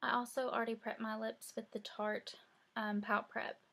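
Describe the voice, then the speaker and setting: A woman's voice: fairly high pitch, level tone, normal speed, a bit bright. A young woman, chatting casually through a makeup tutorial and saying "y'all" a lot. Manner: chatty, rambling, says "y'all" often. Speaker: beauty vlogger.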